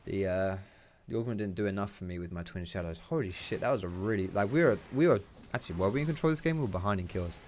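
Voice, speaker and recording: Lowish sweary gamer. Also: male voice, expressive, fast, a little mellow, a little hiss or hum. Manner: chatty, sweary, teasing asides. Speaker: gameplay commentator. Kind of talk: casual gameplay commentary.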